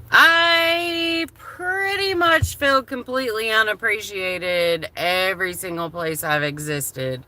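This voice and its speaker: A woman's voice: mid-range voice, takes it slowly, bright, forceful tone. A woman chatting candidly on a livestream, emotional and swearing freely. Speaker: live streamer. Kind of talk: casual livestream chat.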